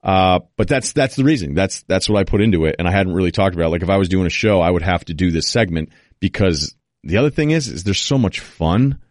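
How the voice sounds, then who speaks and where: A man hosting a podcast, giving an opinionated, rapid-fire rundown of basketball teams in casual sports talk. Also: low voice, no echo, clean studio sound. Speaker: podcast host.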